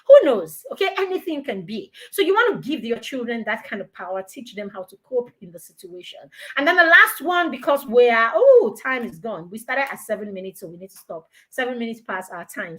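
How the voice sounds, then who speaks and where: A woman giving a lively parenting talk, acting out parent and child dialogues as she goes. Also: on the high side. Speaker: parenting mentor. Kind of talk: live online parenting talk.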